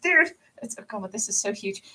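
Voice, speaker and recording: A woman's voice: mid-range voice, expressive, normal speed, sharp tone. A woman chatting in a rambling, casual way from her home office while drawing on a livestream, with lots of fillers. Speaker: streamer and hobby artist.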